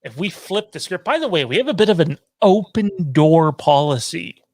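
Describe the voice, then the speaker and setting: A man's voice: a little high, big pitch swings, normal speed, darkish tone, no room sound. A man co-hosting a casual streamed chat show, joking and laughing as he reads out the live chat. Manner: laid-back, jokey, often laughing. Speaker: podcast co-host.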